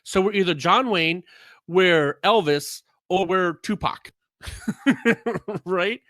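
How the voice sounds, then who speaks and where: Guy reading gaming news on a podcast, jokey, bright voice, dry sound. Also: high voice, takes it slowly, no echo. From United States. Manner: jokey, reads notes aloud with frequent laughs. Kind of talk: casual gaming podcast chat.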